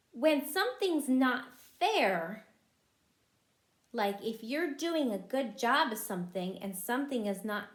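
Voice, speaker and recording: A woman teaching preschool, reading a picture book aloud to young children in an animated way and asking them questions as she goes. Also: a little high, roomy sound.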